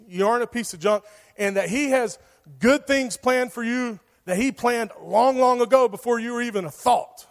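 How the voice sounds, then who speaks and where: Preaching to a young crowd, this youth pastor keeps things casual and jokey, packing his sermon with filler words, especially "like." He has a high voice for a man, and each line is followed by a long reverb from the church hall.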